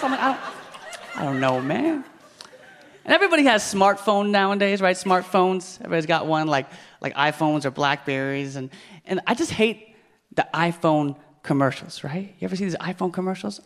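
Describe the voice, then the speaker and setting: High, lively male stand-up comic on stage. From Philippines. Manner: animated, acts out voices in quick bursts. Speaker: stand-up comedian. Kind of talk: stand-up routine. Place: concert hall stage before a live audience. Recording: live stage recording, faint crowd and noise.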